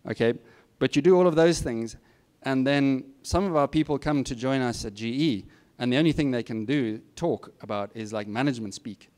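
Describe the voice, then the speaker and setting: A man's voice: mid-range voice, moderate pace, few pauses, a little mellow. A middle-aged man giving students candid, plain-spoken career advice with self-deprecating asides. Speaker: guest speaker. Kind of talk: informal advice talk to students.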